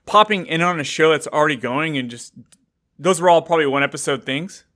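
A man's voice: on the high side, fairly quick, a bit bright. A man hosting a casual interview, enthusiastic and full of hesitant fillers as he searches for words. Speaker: interview host.

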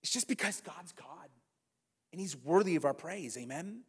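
A man with a high voice delivers an animated sermon, checking in with the congregation through quick rhetorical questions. His voice carries a long reverb, as if filling a large sanctuary. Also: slightly rough. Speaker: pastor.

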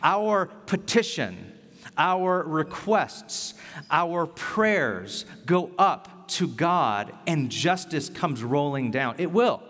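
A man's voice: fairly high pitch, sing-song, drawn-out words, fairly bright tone. A man preaching a sermon as a pastor, earnest and emphatic with a conversational, joking touch. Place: church hall. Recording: echoey hall reverb.

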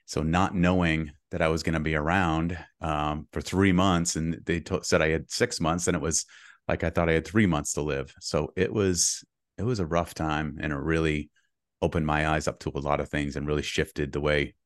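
A middle-aged man with a very low, deep voice tells his story earnestly and reflectively, now and then breaking into a short laugh. The sound is close and dry, with no room around it. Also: flat delivery, normal speed, no echo. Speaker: podcast guest. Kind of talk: conversational storytelling.

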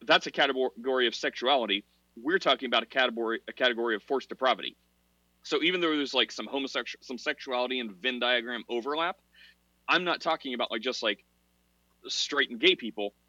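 Rambling, bright-voiced man on a podcast. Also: medium pitch, fast, dry recording. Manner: rambling, filler-heavy, laughs at himself. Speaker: podcast co-host. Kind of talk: casual religious discussion. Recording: dull, dry podcast audio.

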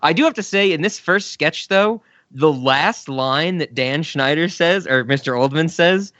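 A man's voice: fairly high pitch, animated, unhurried, a bit bright, no echo, dull audio. A man co-hosting a podcast in casual chat, laughing often and acting out quotes. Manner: laughs a lot, acts out quotes. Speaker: podcast co-host.

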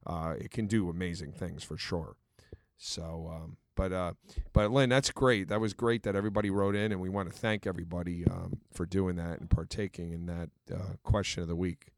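A man's voice: low voice, fairly even intonation, normal speed, dry recording, clean studio sound. A middle-aged man co-hosting a casual talk show, earnest and storytelling, with many fillers. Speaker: podcast co-host. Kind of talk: casual chat.

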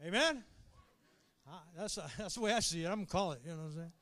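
A man preaching a sermon to his congregation, animated, calling out for amens and swinging between quiet asides and shouted high points. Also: fast talker, no echo. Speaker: pastor.

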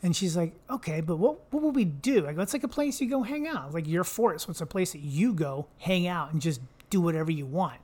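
A woman's voice: fairly low pitch, animated, a little fast, hardly any pauses, darkish tone. A middle-aged woman co-hosting a podcast in casual chat, playful and telling stories. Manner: playful, storytelling with quoted voices. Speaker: podcast co-host.

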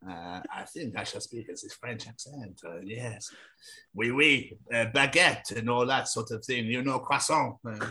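A man putting on a fussy, snooty mock Frenchman with a jokey French accent and drawn-out hesitant fillers. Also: mid-range voice, close to an everyday voice, rough recording.

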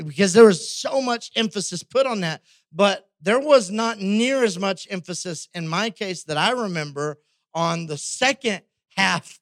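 Brief: male pastor, conversational sermon, higher voice, dry close sound. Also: fairly bright tone, no echo. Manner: conversational, frequent tag questions.

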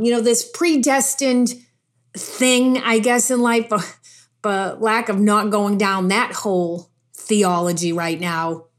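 Higher-voiced woman preaching with emphasis. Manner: emphatic, repeats phrases for stress; conversational asides mixed with scripture. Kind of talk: sermon.

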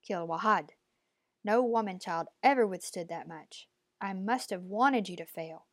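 A woman's voice: medium pitch, measured pace, no echo, studio quality, natural voice. A woman reading an audiobook, voicing a stern, cold, commanding old woman who speaks in clipped, imperious lines. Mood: appraising.

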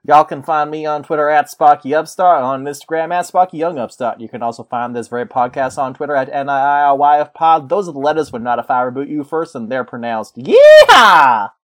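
A man co-hosting a casual comedy podcast, joking and laughing often, sometimes rattling off rapid patter. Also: fairly high pitch, steady tone. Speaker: podcast co-host.

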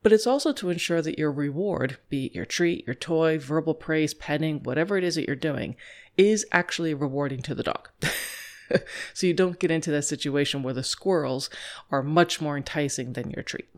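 A woman dog trainer explaining positive reinforcement, chatty and lively, laughing often and acting out little scenes. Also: low-pitched, moderate pace.

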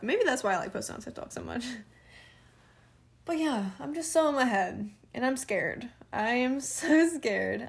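Chatty rambling young woman, slightly high. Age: young adult. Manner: rambling, filler-heavy, candid, frequent laughs. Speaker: podcast host. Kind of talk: casual solo venting podcast.

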